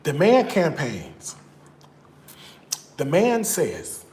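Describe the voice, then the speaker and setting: A man's voice: a little high, moderate pace, pauses often, roomy sound. A man hosting a cooking live stream, chatting casually and telling stories straight to his viewers while he cooks in his kitchen. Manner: animated storyteller, addresses viewers directly. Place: home kitchen.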